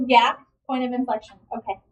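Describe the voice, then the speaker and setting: A woman's voice: a little high, level tone, a little fast, far from the mic, a little hiss or hum, low-quality recording. A woman teaching a math lesson, asking the class questions and encouraging the students' answers. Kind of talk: classroom lecture.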